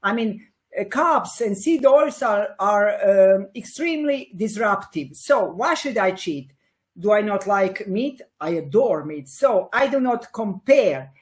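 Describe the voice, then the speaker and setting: A woman in her sixties from Italy, speaking as an as an interview guest, animated and laughing often, with many fillers and restarts. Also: medium pitch, unhurried. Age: 60s. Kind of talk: casual interview conversation.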